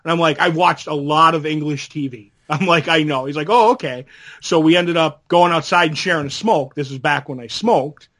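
Middle-aged guy on a podcast, kinda high voice, rambling through old stories, laughs a lot. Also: normal speed, a bit bright. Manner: rambling anecdotal storyteller, laughs often. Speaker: podcast co-host. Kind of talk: casual chat.

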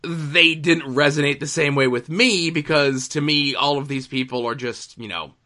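A man's voice: fairly high pitch, moderate pace, bright, forceful tone. A man co-hosting a casual chat, wry and skeptical in a dry way. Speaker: podcast co-host.

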